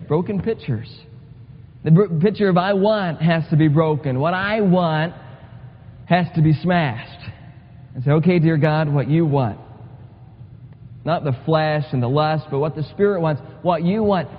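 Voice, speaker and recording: A man preaching in a church, his voice somewhat high for a man and carried by a long reverb through the hall. He speaks earnestly, repeating key words and pressing toward urgent emphasis. The recording is muffled and dull. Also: slight background noise. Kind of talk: sermon. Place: church sanctuary.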